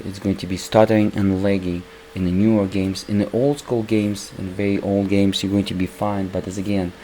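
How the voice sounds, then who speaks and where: A man with a voice worn hoarse from recording, casually commenting over his gameplay as a PC gaming channel host and calling his viewers "guys". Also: deep voice, dark tone, a little hiss or hum, poor audio. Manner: keeps calling the viewers "guys", rambling with restarts.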